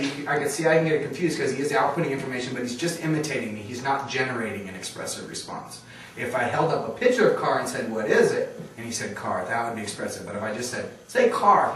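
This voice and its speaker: A man's voice: mid-range voice, fairly bright tone, slight background noise. A man teaching a training workshop, quizzing the audience and checking that they follow along. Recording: very echoey room, far from mic.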